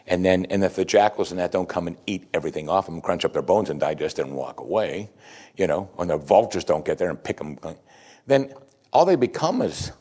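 A man preaching a sermon in a plain-spoken, folksy way, full of rhetorical questions, swinging from loud emphatic bursts to low quiet asides. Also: expressive, normal speed.

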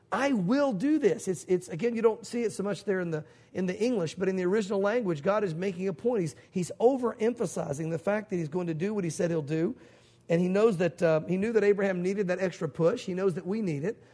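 A middle-aged male pastor preaches with an emphatic, conversational delivery. His voice sits high for a man and has a husky, breathy edge. He often slips into acting out quoted speech. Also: a little mellow. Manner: emphatic, acts out God's voice in quotes. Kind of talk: sermon.

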